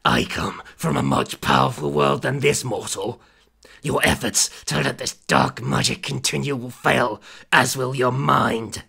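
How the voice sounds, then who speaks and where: A man voicing an arrogant male demon warrior with a booming, grandiose delivery while reading a fantasy story aloud. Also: a little slow, gravelly, bright, forceful tone, husky, heavily acted. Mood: menacing.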